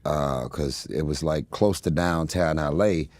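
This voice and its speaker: Deep-voiced man telling stories, fillers. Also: a little slow, darkish tone, dry recording, studio quality. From Los Angeles, United States. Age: 40s. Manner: rambling, laughs often, frequent fillers and restarts. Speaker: guest. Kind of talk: casual interview storytelling.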